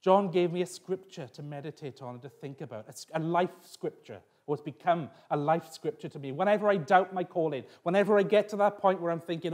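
Pastor guy, middle-aged, voice a bit high, rambling personal story sermon. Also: a little fast, few pauses, darkish tone.

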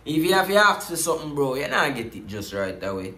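A man's voice: a little high, big pitch swings, quick pace, sharp tone. A man hosting a reaction video, talking casually to his viewers in a preachy way and often circling back with "you see me, I say.". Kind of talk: casual commentary to camera. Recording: roomy echo.

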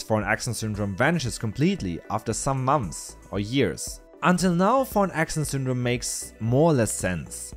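A man hosting a science explainer, giving scripted narration in an explanatory, lightly playful way. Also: medium pitch. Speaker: science video host.

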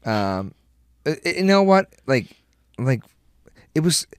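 A man's voice: mid-range voice, big pitch swings, slow, clean tone, no echo, clean studio sound. A middle-aged man, a podcast guest, telling rambling, profane stories in casual chat and laughing as he goes.

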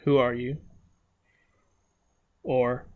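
A man with a Southern US accent giving a casual, halting language lesson, slowly repeating phrases with frequent restarts. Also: medium pitch, level tone, narrow, tinny audio. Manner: halting, many restarts and ums, slow careful phrase repetition. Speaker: language learner vlogger.

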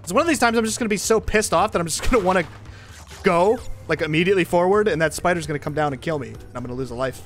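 Guy doing lets play commentary, high pitched, swings all over, yells at the game then laughs at himself. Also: animated, very fast, faint music behind. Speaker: gaming video host. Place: home apartment, seated in a chair.

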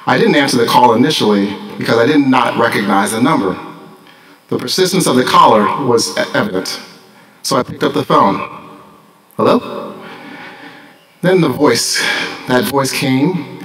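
A middle-aged man delivers a graduation address as the school principal, mixing formal thanks with dry jokes. His voice sits at an ordinary pitch and is picked up from a distance. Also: lively intonation, moderate pace, long pauses, fairly bright tone. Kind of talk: commencement speech. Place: large graduation ceremony.

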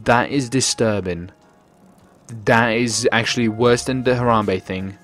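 A young man giving excitable live commentary on his gameplay stream, joking with chat and swearing. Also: medium pitch, unhurried, faint music behind. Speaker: gaming streamer.

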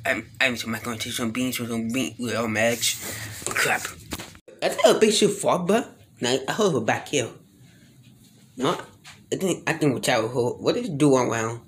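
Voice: mid-range voice, animated, unhurried, long pauses, a bit bright, slight background noise. A speaker improvising a plush toy role-play in a rambling, mumbly way, full of slang and filler sounds.

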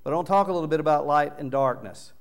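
Emphatic male preacher with a smooth voice. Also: fairly high pitch, racing. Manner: earnest, emphatic preaching with loud swells on key words. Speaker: pastor. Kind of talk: sermon. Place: church sanctuary.

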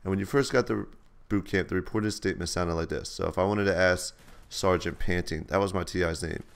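A man's voice: low voice, fairly quick, creaky, clean tone. A man hosting a gaming channel, telling laid-back, slangy stories over gameplay. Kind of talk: casual storytelling over gameplay.

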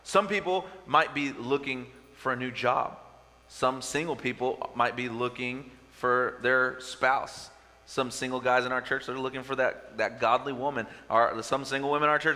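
Bright-voiced pastor in a reverberant hall. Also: male voice, medium pitch, fairly even intonation, normal speed. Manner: conversational, many "uh" fillers and restarts. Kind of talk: sermon with prayer and storytelling. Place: church sanctuary with a live congregation.

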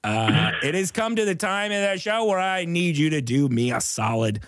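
A man's voice: fairly high pitch, very animated, normal speed, fairly bright tone, no room sound. A man hosting a comedy podcast in casual chat, joking crudely and swearing a lot. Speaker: podcast host.

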